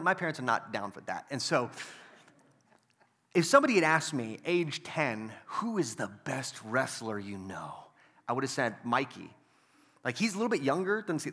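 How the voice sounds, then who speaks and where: Bright high-voiced male preacher. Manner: storytelling, builds to loud emphatic preaching. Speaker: pastor. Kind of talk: sermon.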